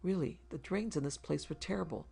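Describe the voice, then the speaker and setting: A man narrating a macabre short story in a measured, even storytelling delivery. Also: on the high side, vocal fry, slightly rough. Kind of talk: scripted horror story narration.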